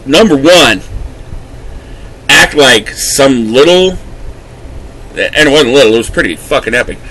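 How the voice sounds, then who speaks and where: A male vlogger rants angrily to the camera, swearing heavily as his voice climbs and falls. His mid-range voice has a sharp tone and lively intonation at a normal speed, though the audio quality is poor.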